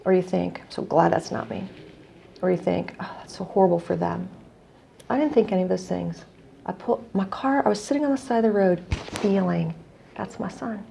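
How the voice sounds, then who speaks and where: A middle-aged woman from the United States tells a heartfelt story as a guest, reflective and earnest. Her voice is deeply gravelly with a mellow, dark tone. Faint noise hums underneath. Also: a little fast. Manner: earnest, reflective storyteller, quoting others in dialogue. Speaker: guest, non-profit executive director. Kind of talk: conversational storytelling.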